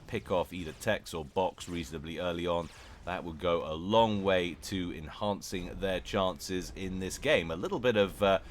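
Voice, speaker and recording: A man's voice: low voice, a little hiss or hum. A man giving jokey, chatty commentary on a strategy game replay, with self-mocking asides. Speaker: game caster.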